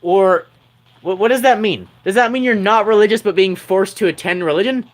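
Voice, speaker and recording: A man's voice: high voice, fairly quick. A man chatting with his livestream audience in a teasing, rambling way, laughing often. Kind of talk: casual livestream chat.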